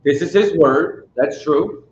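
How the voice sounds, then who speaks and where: A man leads a Bible study with casual, emphatic delivery, keeping his listeners engaged with repeated questions. His voice sits a bit higher than most men's. The recording is roomy and a little dull, with faint noise underneath. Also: slow pace. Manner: emphatic, keeps checking in with listeners; casual street-style speech. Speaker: Bible teacher.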